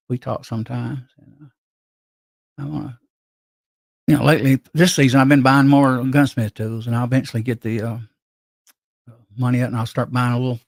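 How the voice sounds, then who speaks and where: A man of middle pitch hosts a relaxed live stream, chatting and reading comments from viewers. His voice carries a gravelly rasp, and he wanders from thought to thought with frequent restarts. The sound is dry and close, with no room around it. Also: no echo. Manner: rambling, reads viewer comments aloud, many restarts. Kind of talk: casual live stream chat.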